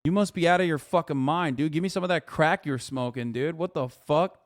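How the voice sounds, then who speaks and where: A fairly quick, somewhat high male voice belongs to a political streamer hosting a live stream. He reacts to the news with casual commentary that's profane, ranting and full of disbelief.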